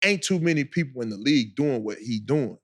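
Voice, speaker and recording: A man, co-hosting a podcast and telling an animated story full of acted-out quotes. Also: mid-range voice, a little fast. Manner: animated storyteller, acts out quotes, laughs a lot. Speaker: podcast co-host. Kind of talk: casual storytelling.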